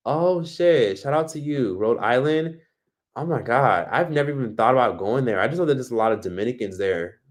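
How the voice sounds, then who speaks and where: A man's voice: mid-range voice, animated, fairly quick. Blunt, profane man hosting a livestream. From Miami, United States. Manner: blunt, profane, advice-giving. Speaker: livestream host. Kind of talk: casual livestream chat reading comments.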